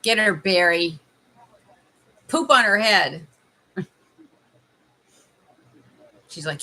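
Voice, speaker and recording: A woman's voice: lowish voice, extremely slow, pauses often, pushed and bright. A Canadian woman in her thirties hosting a casual live stream from home, chatting with viewers in a teasing manner and laughing often. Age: 30s.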